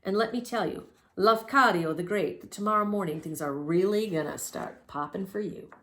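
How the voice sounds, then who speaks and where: A woman's voice: medium pitch, fairly bright tone, natural voice. A woman voicing a jolly, bossy male circus man in a storybook reading, stretching out his big words. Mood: hearty. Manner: emphatic, drawn-out storybook delivery. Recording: roomy echo.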